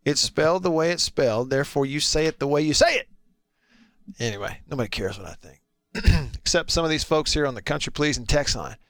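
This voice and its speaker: Chatty man, clear voice. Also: a little high, brisk, hardly any pauses, fairly bright tone, no echo. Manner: chatty, playful teasing. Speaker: sports radio host. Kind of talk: casual radio talk, reading listener texts.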